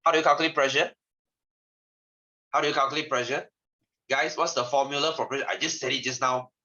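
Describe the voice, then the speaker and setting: A man with a Malaysian English accent teaching a science class, teasing and lively, dropping lah and ah between questions. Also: mid-range voice, fast, highs cut off. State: tired, yawning. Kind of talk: online class lesson.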